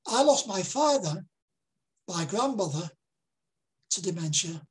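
Older Lancashire man, husky and a little breathy, earnest public speaker who repeats key lines for emphasis. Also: high-pitched, very animated, measured pace, low-quality recording. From Lancashire, England. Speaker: dementia campaigner giving a talk. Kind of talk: public presentation.

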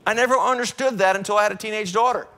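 Animated high-voiced preaching man. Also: rapid-fire. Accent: American. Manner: animated, swings from loud to hushed. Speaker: pastor. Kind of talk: sermon. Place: church sanctuary.

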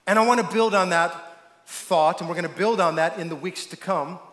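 A male pastor delivers an emphatic sermon in a high voice, pausing to throw questions to the congregation so they can complete his thoughts. His voice echoes around a large church sanctuary, with a long reverb tail. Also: fairly bright tone.

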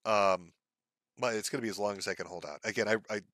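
A man's voice: fairly low pitch, fast, a bit bright, no room sound. A man hosting a live stream, ranting in profane, sarcastic, mocking commentary. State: sore, says his throat gives out.

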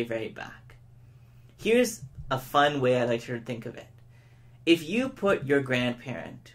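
A man giving a public speaking lesson, who shows each point by speeding up, slowing down and shifting his tone of voice. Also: mid-range voice. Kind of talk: educational lesson to camera.

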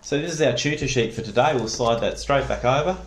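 A man's voice: mid-range voice, brisk, a little hiss or hum. A man tutoring a child one-on-one in phonics, giving patient, encouraging drill prompts. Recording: echoey room.

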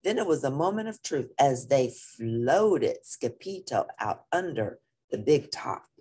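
Slow, husky female reader for a children's book, playful and very lively in pitch. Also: a little hiss or hum. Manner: expressive, playful. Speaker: storybook reader. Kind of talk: children's read-aloud.

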